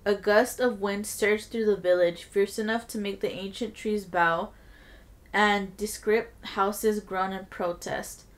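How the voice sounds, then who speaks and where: A woman podcast host reading a creepy story aloud with steady storytelling and blunt, casual asides. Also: medium pitch, unhurried.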